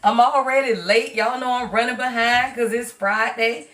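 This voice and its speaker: A woman, hosting a casual live stream as a tarot reader, her voice strained and hoarse, chatty and playful with her viewers. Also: fairly high pitch, fairly even intonation, moderate pace, a bit bright, poor audio.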